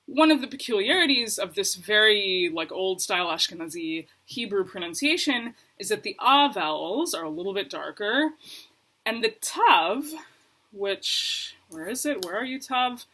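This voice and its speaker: Chatty bright-voiced woman teaching. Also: medium pitch, big pitch swings, normal speed. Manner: chatty, self-deprecating, laughs often. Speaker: Hebrew teacher. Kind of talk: casual video lesson. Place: lived in Brooklyn.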